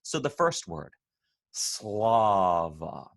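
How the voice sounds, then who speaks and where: Guy running a choir rehearsal over a video call, lowish voice, patient, sounds things out slowly. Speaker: choir director. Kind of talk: online choir rehearsal lesson.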